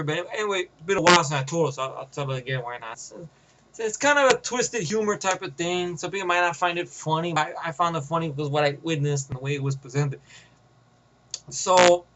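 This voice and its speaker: A man's voice: on the high side, pushed and bright, poor audio. A man telling a long, rambling, profane story about a movie trip, acting out the voices, recorded on a camera mic. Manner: profane, loose, acts out every voice. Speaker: movie reviewer. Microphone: camera microphone.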